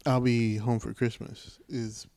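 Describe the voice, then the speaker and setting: A man's voice: medium pitch, level tone, unhurried, a little mellow. A man co-hosting a podcast, bantering casually with jokes and slang. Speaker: podcast co-host. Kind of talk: casual chat.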